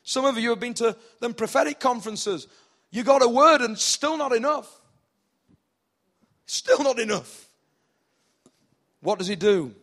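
A man with a northern English accent preaching a sermon, animated, acting out the people in the story with rising intensity. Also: very high voice, measured pace, long pauses. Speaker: pastor.

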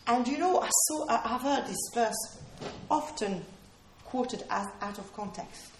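A woman's voice: fairly high pitch, expressive, a little slow, a little hiss or hum. Woman preaching earnestly in an echoey hall. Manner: earnest, emphatic, repeats key phrases. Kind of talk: sermon. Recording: roomy hall echo.

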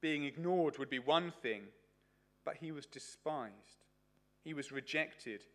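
A man's voice: on the high side, slow. A man preaching a sermon at a church service, telling a story in a chatty way with many fillers.

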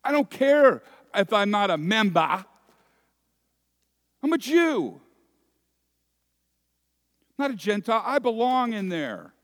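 A preacher putting on a frantic man shut outside a feast, his voice jumping well above a preacher's usual pitch and loud as he insists he belongs. He protests, pleads and argues at the closed door. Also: expressive, slow pace, pauses often. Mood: indignant.

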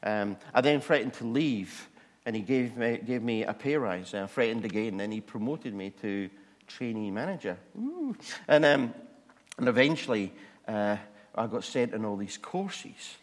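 Male preacher, animated self-mocking storyteller, reverberant hall sound. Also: lowish voice, moderate pace. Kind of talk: humorous testimony sermon.

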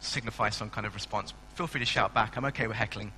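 Male pastor, forceful bright tone, storytelling sermon, faint background hum. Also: lowish voice, fast, poor audio. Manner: chatty, self-mocking, storytelling. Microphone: stand mic.

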